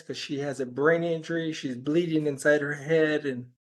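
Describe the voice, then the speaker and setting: A man with a somewhat high voice is a guest in an interview. He tells his story in a loose, rambling way. He keeps slipping into the voices of the people in it as he quotes them. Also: steady tone, moderate pace. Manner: rambling anecdotes, quoting conversations with "I'm like". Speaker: healer and podcast guest.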